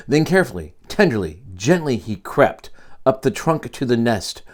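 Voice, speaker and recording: Expressive grandfather reading a picture book. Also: medium pitch, moderate pace. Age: older. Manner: expressive, with quiet asides to the children. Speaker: storyteller.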